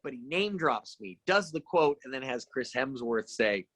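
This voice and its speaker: A middle-aged man, a guest actor, telling anecdotes in a casual podcast chat and acting out the lines of the people in them with lively energy. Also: mid-range voice, normal speed, no echo. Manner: animated anecdotes with lively acted-out quotes.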